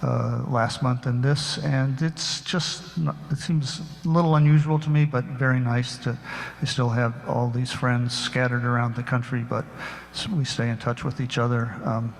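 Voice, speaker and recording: A man in his seventies speaks to his congregation in a halting, unscripted way, full of small pauses. His voice stays level, with little rise or fall. A long reverb from the church hall trails each phrase. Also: mid-range voice, steady tone, vocal fry. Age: 70s. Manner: halting, with frequent pauses and fillers. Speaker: congregant sharing joys. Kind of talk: spontaneous personal remarks. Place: church sanctuary.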